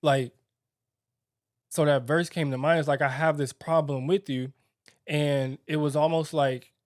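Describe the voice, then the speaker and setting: Studio-quality audio with no room sound captures a young man, his voice on the high side and steady, co-hosting a married-couple podcast. Candid and reflective, he stumbles through fillers and restarts.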